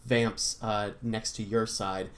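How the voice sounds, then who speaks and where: Here is a relaxed game master running a tabletop session, mid-pitched and loose in delivery. They narrate the action with plenty of "uh"s and laugh easily at the players. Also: slow pace. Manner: laughs easily, casual descriptive narration with fillers.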